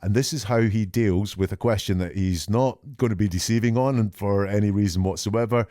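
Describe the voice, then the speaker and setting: A male podcast host giving measured, reflective analytical commentary and reading out quoted lines as he goes. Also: fairly low pitch, warm tone, no room sound, studio quality.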